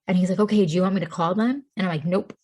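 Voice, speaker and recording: Chatty woman from Tennessee, lowish voice. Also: rapid-fire, a little mellow, a little hiss or hum. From Tennessee, USA. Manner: chatty, laughs often, says "like" a lot. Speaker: podcast guest. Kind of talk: casual storytelling.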